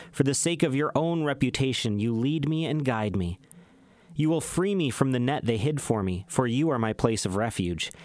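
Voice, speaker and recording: A man reading the Bible aloud in a measured, solemn way, slowing down on emphatic phrases. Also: medium pitch, dry recording. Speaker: scripture reader.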